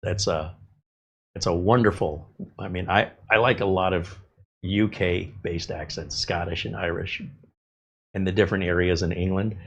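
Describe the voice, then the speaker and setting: Low-voiced man chatting while building. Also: fairly even intonation, a little slow, husky. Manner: rambling, conversational, with fillers and tangents. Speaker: tech YouTuber building a PC. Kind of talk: casual chat while working.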